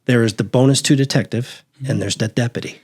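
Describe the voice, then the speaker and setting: A man's voice: mid-range voice, fairly quick, breathy edge. A middle-aged man, a retired sheriff's detective, telling stories in a casual interview and acting out the voices of the people he quotes. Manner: animated, acts out quoted voices in anecdotes. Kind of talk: casual storytelling.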